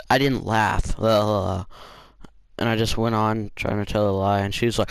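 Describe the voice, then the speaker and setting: A man's voice: fairly low pitch, steady tone, normal speed, gravelly, smooth, no echo. A man hosting a channel, telling a casual storytime with rambling, filler-heavy talk. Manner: rambling, with many fillers and restarts. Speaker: gaming channel host.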